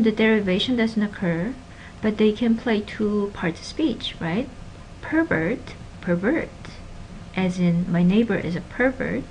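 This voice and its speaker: A woman teaching a linguistics class, stressing example words with energy and dropping into quiet asides. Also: mid-range voice, a little hiss or hum, rough recording. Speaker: linguistics lecturer. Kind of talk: recorded classroom lecture.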